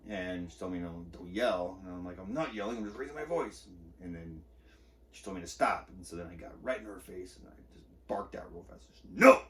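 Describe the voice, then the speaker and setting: A man's voice: deep voice, steady tone, a little fast, far from the mic, a little hiss or hum. A man hosting a podcast, telling a personal story of an argument in a candid, agitated, profane way. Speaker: podcast host. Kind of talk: personal monologue.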